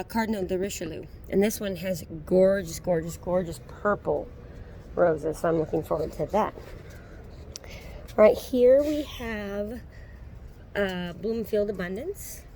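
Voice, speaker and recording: Woman, thirties, casual garden tour vlog, relaxed and chatty, mid-pitched voice, phone mic outdoors, faint background hiss. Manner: chatty, relaxed, with frequent ums. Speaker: gardening vlogger.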